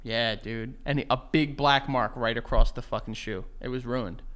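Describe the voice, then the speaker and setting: A man's voice: medium pitch, fairly even intonation, normal speed, a bit bright. A young man co-hosting a podcast, telling rambling stories in casual chat, swearing and laughing easily. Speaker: podcast co-host.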